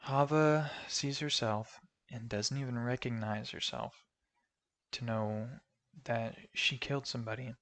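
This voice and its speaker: A man casually talking through a film's plot in a rambling review, full of fillers and sudden loud exclamations. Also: mid-range voice, steady tone, measured pace. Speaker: movie reviewer. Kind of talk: casual spoken film review.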